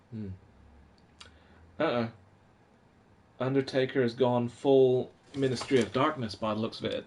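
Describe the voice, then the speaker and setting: A man in his forties hosting a relaxed live stream from his home. He rambles along, reading snippets from old magazines aloud and answering his viewers as he goes, at a mid pitch. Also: slight background noise. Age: 40s. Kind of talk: casual live-stream chat.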